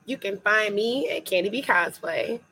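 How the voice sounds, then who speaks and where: Bright, animated young woman storyteller. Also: medium pitch, moderate pace, slight background noise. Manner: animated storytelling, laughs often. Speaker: guest comedian and cosplayer. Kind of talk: casual podcast chat.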